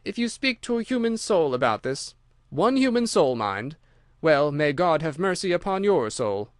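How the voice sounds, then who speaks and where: Older male villain, menacing, nervous giggle, pitched up, as a male audiobook reader puts him on. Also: very animated, a little slow, clean tone, no echo, clean studio sound. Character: sinister giggling older man, cruel and twitchy.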